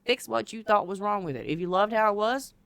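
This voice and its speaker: A woman, co-hosting a casual podcast chat, telling animated stories and acting out her own past reactions. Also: medium pitch, a little fast, clean tone, no room sound. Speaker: co-host teaching decorative rod wraps.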